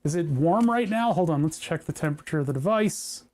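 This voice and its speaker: A slightly high, animated male voice, a little fast and a little mellow, belongs to a maker streaming his hardware work. He chats casually with viewers, rambling and joking as he tinkers.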